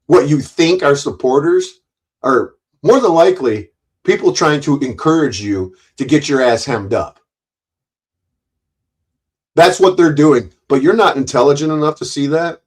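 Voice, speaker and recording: A man's voice: fairly high pitch, expressive, unhurried, darkish tone. A man doing angry ranting commentary on a livestream, profane and confrontational, often stumbling and repeating words. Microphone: streaming mic.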